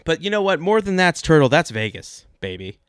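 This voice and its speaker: Deadpan comedic male podcast co-host. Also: on the high side, a little fast, clear, resonant tone, no room sound, studio quality. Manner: deadpan, mock-serious delivery. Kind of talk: comedic sports podcast banter.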